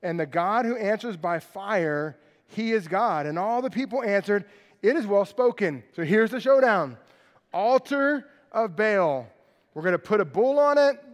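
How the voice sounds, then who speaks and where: High-voiced man preaching in a reverberant hall. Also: a little slow. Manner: animated, jokey storytelling with sarcastic asides. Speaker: pastor. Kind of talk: sermon. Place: auditorium.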